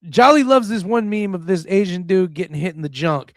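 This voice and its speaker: A man who does stand-up, talking on a comedy radio show in a high voice. He tells his stories with animation and acts the scenes out as he goes. He is recorded close and dry in a studio. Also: fairly quick, no room sound. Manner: animated storyteller, acting out scenes.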